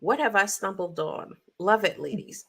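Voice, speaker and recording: A woman's voice: medium pitch, animated, moderate pace, fairly bright tone, breathy edge. A woman co-hosting a casual podcast, telling stories animatedly with playful sound effects. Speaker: podcast co-host. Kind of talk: casual chat.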